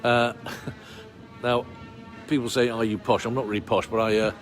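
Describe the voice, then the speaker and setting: A man's voice: medium pitch, level tone, normal speed, faint music behind. A man from Bristol speaking with a received pronunciation English accent, guiding a walking tour outdoors on a cold street. He talks in a chatty, rambling way, with lots of fillers and wry asides. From Bristol, England. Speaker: tour guide. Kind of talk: walking tour talk to camera. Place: outdoor street in a town centre.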